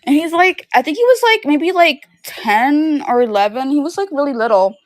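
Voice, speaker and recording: A young woman with a sore, itchy throat chats casually on a livestream while selling DVDs and VHS tapes. Her voice is high-pitched with lively intonation and a moderate pace, recorded with no echo. She tells rambling stories packed with fillers.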